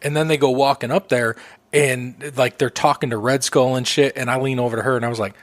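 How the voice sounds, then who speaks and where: A man co-hosting a podcast, chatting casually about movies with plenty of swearing and lively retelling. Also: medium pitch, fairly quick, no echo. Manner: profane, animated storytelling. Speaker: podcast co-host. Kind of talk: casual chat.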